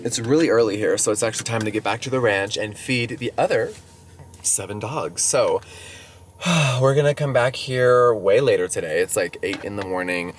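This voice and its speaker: A man talking casually to camera in a vlog, expressive and swearing freely, slipping into high baby talk with his dogs. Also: moderate pace, faint music behind. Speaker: vlogger. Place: home ranch and vet clinic.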